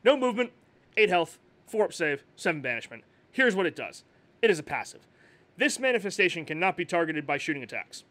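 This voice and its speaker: A man co-hosting a casual tabletop gaming podcast, playful and excitable, reading out game rules. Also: sits high, fairly quick. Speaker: podcast co-host.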